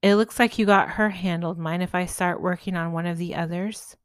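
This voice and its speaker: A woman's voice: on the low side, steady tone, normal speed, smooth, no room sound, studio quality, close to an everyday voice. A woman voicing a friendly male farmhand with a put-on southern drawl, playful and kind in a storybook tale.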